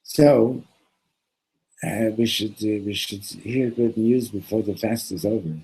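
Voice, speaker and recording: Mellow, husky-voiced rabbi teaching. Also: male voice, on the low side, rough recording. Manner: halting, repeats words, conversational asides. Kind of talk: casual sermon with a joke.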